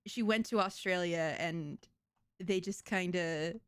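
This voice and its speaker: A woman streamer rambling through a casual reaction chat, laughing and swearing freely. Her voice is smooth and clear. It sits close and dry on a streaming mic. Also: fairly low pitch, a little slow, no echo.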